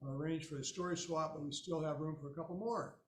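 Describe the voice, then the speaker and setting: Relaxed male event host. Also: on the high side, fast. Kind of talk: casual announcements. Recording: echoey room with faint noise.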